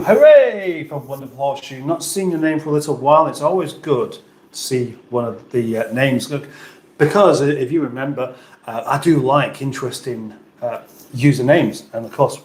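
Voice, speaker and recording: A man's voice: mid-range voice, a little mellow, echoey room. A man hosting a casual livestream chat, reading out viewer comments with playful, rambling asides. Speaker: livestream host.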